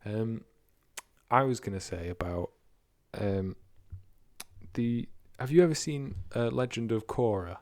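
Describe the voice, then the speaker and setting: A young man with a lowish voice chats casually and jokes a lot, swearing freely and breaking into goofy voices. His voice is close and dry, with no room around it, on a cheap home setup. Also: no room sound. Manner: jokey, swearing, quick to laugh, slips into silly voices. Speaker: podcast co-host. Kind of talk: casual chat. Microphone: home podcast mic, low production quality.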